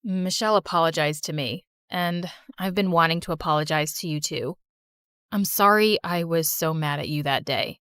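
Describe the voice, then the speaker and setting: A woman voicing a shy teenage boy apologizing softly in an animated story. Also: low-pitched, moderate pace, smooth, dry recording, clean studio sound, voice pushed down. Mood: sheepish. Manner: soft, shy.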